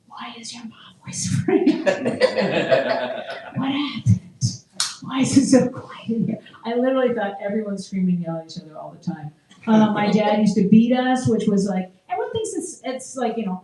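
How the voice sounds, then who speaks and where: A middle-aged woman doing a stand-up set at an open mic, chatty and self-deprecating, often laughing at her own lines. Her voice sits a little high. It is caught from a distance in an echoey room. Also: dark tone. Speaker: stand-up comedian. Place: open mic comedy show.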